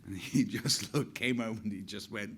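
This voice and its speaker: A man's voice: on the low side, normal speed, a bit bright, slightly rough. An older man, an actor, telling chatty anecdotes on stage with frequent laughs. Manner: chatty, laughs often, acts out quotes.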